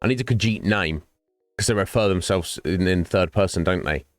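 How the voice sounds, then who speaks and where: A man's voice: low voice, fairly quick, no room sound, clean studio sound. A man chatting casually with viewers during a game stream, rambling from topic to topic. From United Kingdom. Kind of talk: casual chat while gaming.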